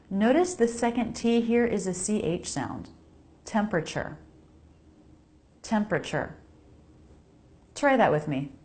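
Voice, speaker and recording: Slow, deliberate American woman teaching pronunciation. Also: mid-range voice, a little mellow. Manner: deliberate, repeats and models sounds.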